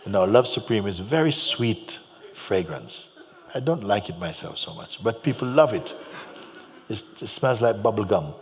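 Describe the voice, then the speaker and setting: A man giving a spiritual talk to an audience, telling stories gently and repeating his phrases, with soft laughs. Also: fairly low pitch, animated, unhurried. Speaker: spiritual teacher. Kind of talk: spoken teaching to an audience. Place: large hall. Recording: long hall reverb, faint hum.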